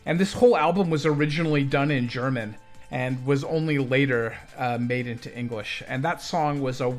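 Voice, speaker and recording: A man's voice: medium pitch, normal speed. A man co-hosting a podcast, chatting casually and adding background facts about the music. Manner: informative, adds facts. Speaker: podcast co-host. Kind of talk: casual music review chat.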